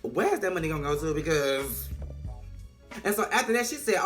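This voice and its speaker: A woman recapping a TV episode in a sassy, slang-heavy, animated way. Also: low-pitched, moderate pace, soft background music. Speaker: TV episode reviewer. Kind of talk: casual recap vlog.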